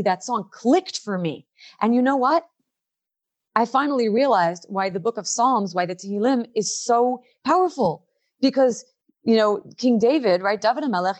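A middle-aged woman leading a workshop, speaking earnestly and emotionally and slowing down to stress her key points. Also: a little high. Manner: emotional, earnest, slows down for emphasis. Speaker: workshop leader. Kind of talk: heartfelt inspirational talk.

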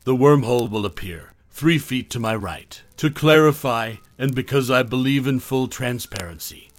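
A man voicing a formal, self-assured male professor who speaks precisely and in measured terms. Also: medium pitch, no echo, natural voice.

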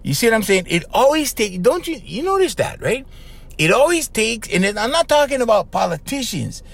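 A middle-aged man from Hawaii speaks in a very high, sing-song, gravelly voice, a little fast, with a Hawaiian Pidgin-tinged accent. On his casual solo podcast he rambles and chuckles, tagging remarks with "right?" and "okay?".

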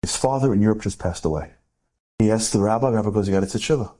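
Fast-talking man telling a story. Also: on the low side. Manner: animated, full of rhetorical questions and acted-out dialogue. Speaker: inspirational speaker. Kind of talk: storytelling talk to a live audience.

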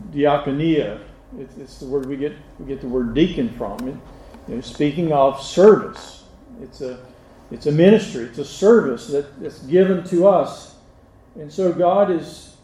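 A man's voice: fairly high pitch, mellow, echoey room, rough recording. A male pastor giving a sermon, speaking unhurriedly with frequent restarts and direct questions to the congregation. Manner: unhurried, halting delivery with many restarts and fillers.

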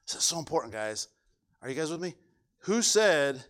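A man's voice: a little high, sing-song, normal speed, fairly bright tone. A male pastor preaching a sermon, emphatic and full of rhetorical questions to the congregation.

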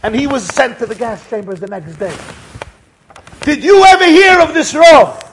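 A man doing an old survivor, loud and high. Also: animated, fairly quick. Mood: emphatic. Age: older. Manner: emphatic, pleading, raised voice. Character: elderly male Holocaust survivor, bride's father.

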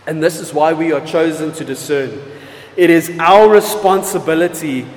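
A pastor preaching a sermon with emphatic delivery, swinging between loud stresses and quiet, drawn-out words. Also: male voice, a little high. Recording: echoey hall with long reverb.

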